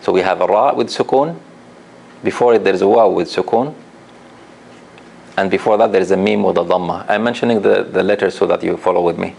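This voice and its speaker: A man teaching Quran recitation to a class, patient and repeating each example slowly while asking the students questions. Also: deep voice, gravelly, darkish tone, a little hiss or hum. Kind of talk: classroom lesson.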